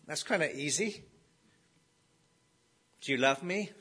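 A man's voice: on the high side, a little slow, long pauses, sharp tone, husky. A man preaching a sermon in a conversational way, often asking his listeners rhetorical questions.

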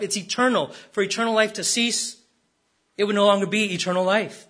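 A man's voice: high-pitched, fairly quick, fairly bright tone. A man preaching a sermon as pastor, stressing words and repeating rhetorical questions.

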